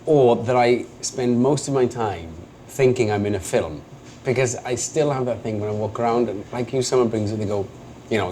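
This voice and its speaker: A Welsh man in his thirties, an actor guest telling stories in a casual interview, self-deprecating and quick to laugh. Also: medium pitch. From Wales. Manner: animated storyteller, self-deprecating, laughs often. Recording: noisy background.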